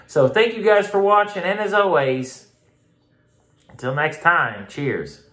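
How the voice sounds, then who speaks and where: A man's voice: a little high, slow pace, fairly bright tone. A man giving a blunt, casual beer review, repeating himself for emphasis and swearing now and then. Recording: echoey room.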